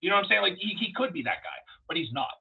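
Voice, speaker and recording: Brief: rapid, husky male storyteller, crude and rambling, on dull lo-fi audio. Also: high-pitched. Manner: profane, rambling, animated storyteller. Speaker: wrestler guest. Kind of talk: casual storytelling interview.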